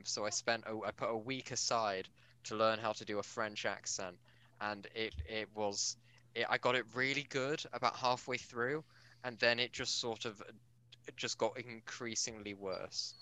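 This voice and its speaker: A man's voice: on the low side, steady tone, moderate pace, bright, forceful tone, smooth, rough recording. A young man chatting casually on a podcast, rambling and eager. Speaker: podcast co-host.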